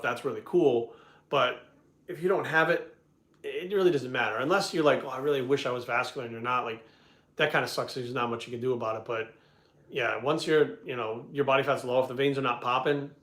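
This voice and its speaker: Blunt, profane man, coach type; rapid delivery, roomy echo. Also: mid-range voice, fairly bright tone. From Providence, Rhode Island. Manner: blunt, heavy swearing, rambling asides. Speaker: bodybuilding coach answering questions. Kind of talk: casual storytelling and Q&A. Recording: echoey room.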